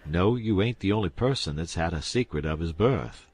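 A man's voice: deep voice, expressive, normal speed, darkish tone, breathy edge. A man voicing a sly old balding con-man who poses as a king, speaking in folksy, sobbing tones. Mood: mournful. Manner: folksy, sobbing, rustic grammar.

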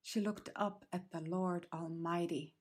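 A woman telling a folk tale in an unhurried, repetitive way, sometimes calling her listener darling. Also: fairly low pitch, steady tone, a little mellow, husky. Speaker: storyteller.

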